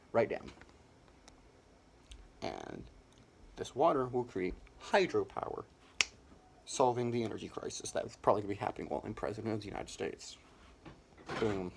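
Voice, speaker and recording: Young male comic, mock presidential pitch, deadpan rambling bluster. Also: gravelly, background noise. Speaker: comedian. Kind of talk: mock campaign speech.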